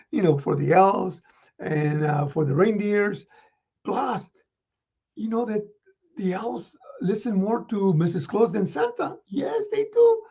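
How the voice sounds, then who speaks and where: A man playing Santa Claus, reading children's letters with a folksy chuckle and many pauses. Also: high-pitched, vocal fry, darkish tone, breathy edge, dull audio. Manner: chuckling, folksy, halting with fillers.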